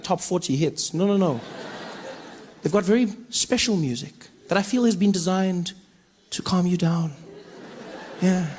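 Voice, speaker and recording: A man with a South African accent doing stand-up comedy, telling stories in a playful, animated way. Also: high voice, slight background noise. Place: comedy stage.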